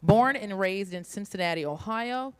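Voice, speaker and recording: A woman chairing an event, reading a formal introduction of a speaker in a measured way. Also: medium pitch, expressive, clean tone. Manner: measured, reads from notes. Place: large conference hall. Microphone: stage microphone. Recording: long hall reverb.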